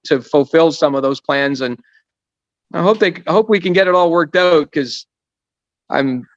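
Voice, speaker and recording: A man's voice: a little high, moderate pace, no room sound. Rambling fifty-something man, dry muffled audio. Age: 50s. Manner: rambling, self-deprecating storyteller. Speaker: guest racing driver. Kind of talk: casual podcast chat.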